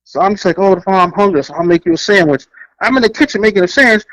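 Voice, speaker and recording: Co-host type: high-pitched New man, animated and blunt, acts out quotes, dry close mic. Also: racing, no room sound, dull audio. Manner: blunt, profane, laughs often. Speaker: podcast co-host. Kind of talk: casual chat, storytelling.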